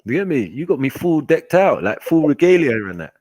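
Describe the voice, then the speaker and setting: A man telling stories in a casual chat, animated and slangy, laughing often. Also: a little high, slightly rough, dry recording. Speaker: host.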